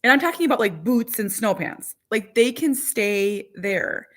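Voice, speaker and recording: A woman's voice: a little high, animated, a little slow, a bit bright. Woman, thirties, from minnesota, chatty rambling livestream talk, phone camera at home. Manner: chatty, rambling, talks to viewers and dog. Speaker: vlogger. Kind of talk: casual livestream chat. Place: home in winter.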